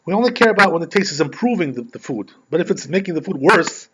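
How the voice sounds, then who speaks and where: A male rabbi teaches in a quick, chatty way with a slightly raised pitch, and he often tags his points with questions. The recording sounds dull and lo-fi. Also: expressive, a bit bright, breathy edge. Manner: conversational, frequent "right?" tag questions. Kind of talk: religious law lesson with storytelling.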